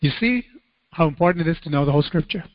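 A male pastor preaching a sermon, telling stories in an animated way and acting out the voices with sudden high cries. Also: racing, no room sound, big-room sound, muffled recording.

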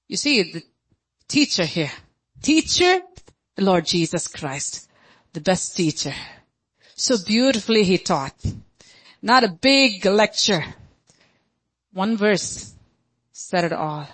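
A woman's voice: medium pitch, sing-song, takes it slowly, pauses often, a bit bright, breathy edge. A woman pastor preaching a sermon in an emphatic, dramatic way, often acting out quotes.

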